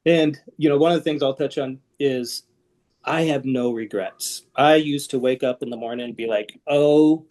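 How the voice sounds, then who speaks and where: A man's voice: mid-range voice, steady tone, moderate pace, a little mellow. Frank, self-deprecating man. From Seattle area. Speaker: podcast guest. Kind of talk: candid conversational interview.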